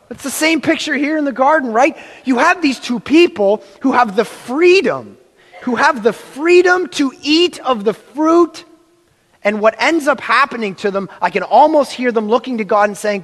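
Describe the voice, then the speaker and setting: Animated high-voiced male preacher in a reverberant hall. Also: moderate pace. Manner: animated storyteller, acts out quotes. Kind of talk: sermon with personal story.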